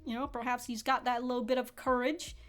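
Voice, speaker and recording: A woman giving casual, excitable commentary on an anime episode, swearing and laughing freely. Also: fairly high pitch, fairly quick, faint music behind.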